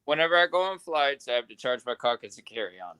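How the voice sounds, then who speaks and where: A man, trading loud, crude insults in podcast banter. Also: mid-range voice, big pitch swings, fast, smooth, no echo. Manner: loud trash-talking, profane. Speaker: podcast guest.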